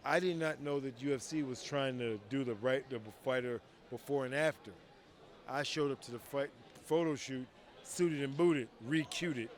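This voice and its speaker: A man telling stories in a casual interview, acting out quoted dialogue with lively voices and frequent swearing. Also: medium pitch, moderate pace. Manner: animated, acts out quoted dialogue, swears freely. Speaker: retired fighter telling stories. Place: outdoors at a convention.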